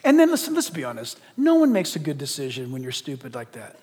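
A man preaching a lively, joking sermon as a pastor, acting out the voices of the people he quotes. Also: on the high side, fast talker, a little hiss or hum. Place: church auditorium. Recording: long hall reverb.

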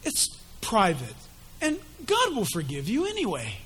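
A preacher putting on a sly, wheedling devil. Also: male voice, high voice, huge pitch swings, unhurried, a bit bright, slight background noise, full character voice. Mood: coaxing hush. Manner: wheedling, taunting. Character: sly tempting male devil, coaxing and accusing.

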